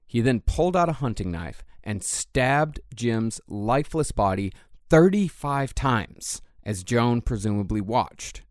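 A man's voice: mid-range voice, expressive, measured pace, no echo, clean studio sound. Profane true crime podcast narrator man. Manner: reads the case with blunt, profane asides. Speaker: podcast host.

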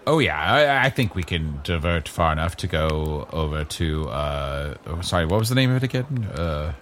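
A man's voice: rumbling low, lively intonation, moderate pace, a bit bright, a little hiss or hum. A man playing a hammy actor who declaims melodramatic monologues in an improv comedy scene. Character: hammy male actor doing dramatic monologues.

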